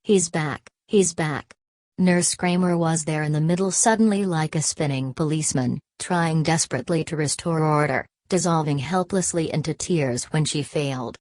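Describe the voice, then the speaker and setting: A woman narrating a novel as an audiobook in an even storytelling read. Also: sits low, moderate pace, hardly any pauses, dry recording. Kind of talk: scripted narration.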